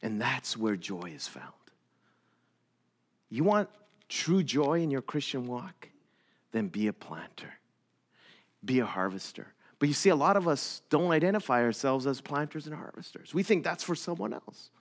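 A middle-aged pastor delivers a sermon in a slightly high voice. He tells a story conversationally, then rises into impassioned, repeated emphasis. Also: expressive, normal speed.

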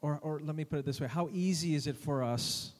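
A man's voice: a little high, fairly quick. A man as pastor, putting questions to the congregation in a sermon. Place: church hall. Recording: long reverb of a church hall.

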